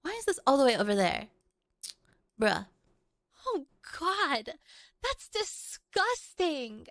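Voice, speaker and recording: A woman's voice: sits high, very animated, a little slow. A woman streamer chatting casually with her live chat, playful and melodramatic, often pleading with viewers.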